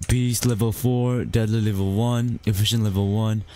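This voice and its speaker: A man's voice: lowish voice, steady tone, moderate pace, darkish tone, faint music behind. A man giving casual gameplay commentary, exasperated, repeating his complaints and calling everyone bro. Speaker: gaming YouTuber.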